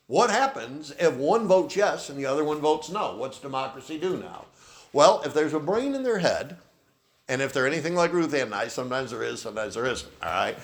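A man's voice: medium pitch, very animated, a little fast, fairly bright tone. A man preaching a sermon as pastor, who often ends his points with a questioning "okay?". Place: church.

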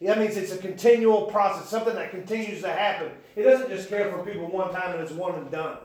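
A man preaching a sermon, building into shouted emphasis. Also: high voice, quick pace. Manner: impassioned, rising to shouts. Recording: echoey church room.

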